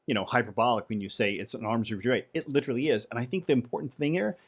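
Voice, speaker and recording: Male podcast co-host, middle pitch, playful and chatty. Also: racing, slightly rough. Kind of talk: casual podcast chat.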